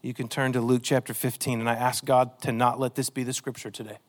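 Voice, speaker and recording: A man's voice: mid-range voice, little pitch movement, fast. A man preaching a sermon, earnest and emotional, reading scripture with a pleading, dramatic delivery. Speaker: pastor.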